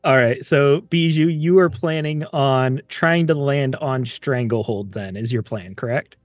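A man's voice: medium pitch, measured pace, soft background music. A man running a tabletop superhero game as game master, with dry teasing remarks.

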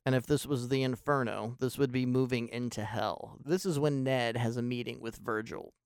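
Gravelly, intense man analyzing a film. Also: mid-range voice, steady tone, moderate pace, no room sound, clean studio sound. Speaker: film commentator. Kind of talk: video essay monologue.

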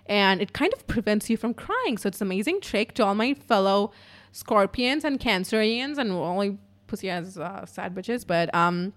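A young woman telling a story in a casual, profane, animated way at home in her apartment. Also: medium pitch, moderate pace.

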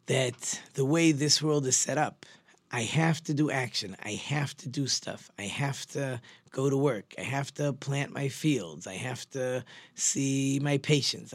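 A man's voice: medium pitch, dry recording. A man teaching as a religious teacher, telling a story in an earnest, conversational way with frequent restarts. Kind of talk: storytelling sermon.

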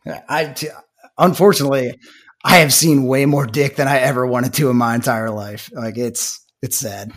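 A man's voice: medium pitch, fairly even intonation, normal speed. A young man, a former army medic, casually telling stories on a podcast and laughing at his own punchlines. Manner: laid-back anecdotes, laughs at own punchlines. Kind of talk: casual storytelling.

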